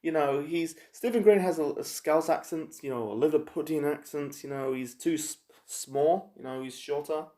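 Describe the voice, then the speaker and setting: Rambling man with a higher voice. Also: dark tone. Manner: rambling, halting, with many fillers and restarts. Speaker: TV episode reviewer. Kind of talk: casual spoken review. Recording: echoey room.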